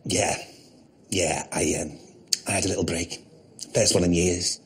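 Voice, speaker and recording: An actor playing a brash, cheeky salon owner, excitable and quick to turn loud. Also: male voice, sits low. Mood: hesitant. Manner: excitable, swings into gleeful shouting.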